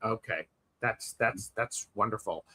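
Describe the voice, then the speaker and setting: A man's voice: lowish voice, measured pace, sharp tone, husky. A man co-hosting a live tarot stream from home over a video call, chatty and playful, often restarting his sentences. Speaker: co-host of a tarot livestream. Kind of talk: casual live chat.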